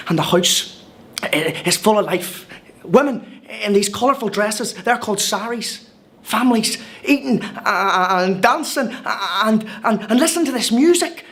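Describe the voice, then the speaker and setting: A man's voice: high-pitched, fairly bright tone. A cheerful Irish newcomer, chatty and wide-eyed, telling his tale in a scripted film monologue. The Irish accent is there from the first line. He talks wryly and stumbles over a word now and then. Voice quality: chatty, wry storytelling with hesitant restarts. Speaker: monologue narrator.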